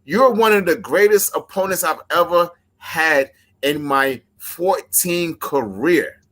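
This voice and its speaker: A man delivers a wrestling promo in a forceful, bright voice. He speaks in a measured, emphatic way and squares up to his opponent. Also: on the high side.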